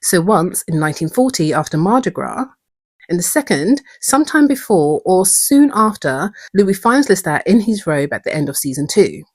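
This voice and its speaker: A woman, hosting a calm, measured episode breakdown, reflective in tone. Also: lowish voice, slightly rough, no room sound. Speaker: video essay host.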